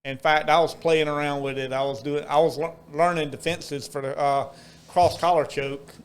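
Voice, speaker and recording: A man in a casual podcast chat with a smooth, clear voice pitched a little high. He explains things step by step, pausing and restarting as he thinks. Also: fairly even intonation.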